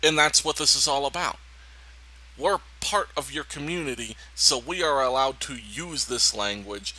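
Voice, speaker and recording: A man giving indignant, emphatic political reaction commentary on a video clip, pausing to talk over it. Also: mid-range voice, sharp tone, poor audio.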